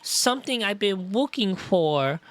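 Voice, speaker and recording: A woman's voice: mid-range voice, expressive, unhurried, pitched above the performer's own voice, close to an everyday voice. A woman reading as a timid young woman. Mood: earnest.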